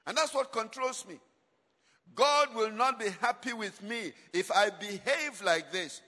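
A man's voice: sits high, unhurried, bright, forceful tone. A man preaching a sermon, asking the congregation to finish his lines, with emphatic swings in volume. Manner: call-and-response questions to congregation; emphatic, dramatic shifts in volume. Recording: long hall reverb.

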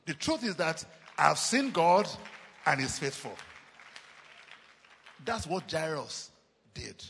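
A Nigerian man preaching a sermon as pastor, emphatic and repetitive, with quick chuckles. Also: a little high, very animated, vocal fry, fairly bright tone, long reverb tail, a faint crowd, a little hiss or hum.

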